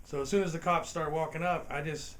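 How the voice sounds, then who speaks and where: Swearing man telling a wild story, fairly high voice. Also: fairly even intonation, brisk, fairly bright tone, a little hiss or hum. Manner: profane, laughs between lines, quotes people in voices. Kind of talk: casual comic anecdote.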